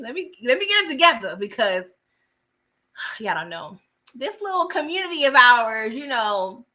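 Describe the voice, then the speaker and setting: A woman's voice: a little high, sharp tone. A young woman chatting casually through a TV episode recap on a livestream, laughing and greeting viewers by name. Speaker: TV show recap host.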